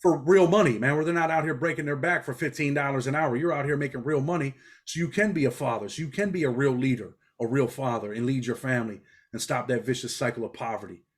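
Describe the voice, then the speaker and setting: Middle aged guy from new york, rapid street talk, telling it straight in an interview. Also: medium pitch. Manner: blunt, street-talking, animated storytelling. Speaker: interview guest, former prisoner.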